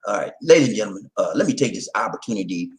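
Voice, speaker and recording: Brief: middle-aged male stream host, playful banter, animated delivery. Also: fairly low pitch, very fast. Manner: playful, joking, laughs often; reads out viewer comments in put-on voices. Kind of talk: casual live stream chat.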